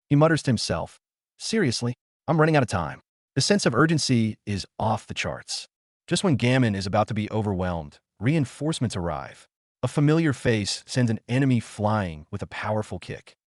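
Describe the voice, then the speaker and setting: Lively, low-voiced male recap narrator. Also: no room sound, clean studio sound. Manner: hyped, dramatic storytelling with casual asides. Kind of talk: dramatic story recap narration.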